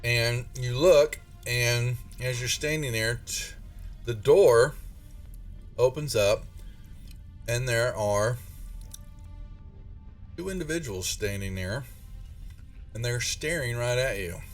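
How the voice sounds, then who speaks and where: A man's voice: medium pitch, slow pace, long pauses. Male game master, rambling narration with restarts, recorded from a distance with faint music behind.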